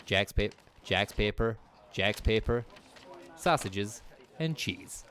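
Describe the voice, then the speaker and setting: A man's voice: on the low side, lively intonation, slow pace, fairly bright tone. A man doing rambling, profane live stream commentary, slipping into a mock announcer voice as he riffs.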